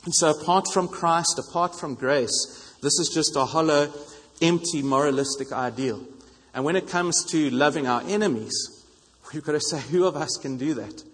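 A man delivers a sermon in a slightly raised, husky voice. He is earnest and hammers his points home through repetition. The sound carries the long reverb of a church hall. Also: a little high, moderate pace. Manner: earnest, repeats phrases for emphasis. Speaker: preacher.

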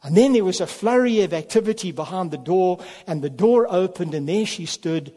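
A man preaching a sermon, telling a story in an unhurried way and then leading a quiet prayer. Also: high-pitched, expressive. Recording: long hall reverb.

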